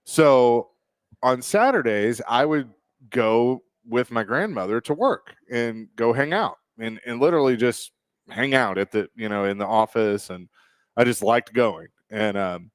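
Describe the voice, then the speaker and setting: A man's voice: medium pitch, lively intonation, unhurried, dry recording. A male radio host in casual banter, telling a rambling story into a studio microphone with chuckles.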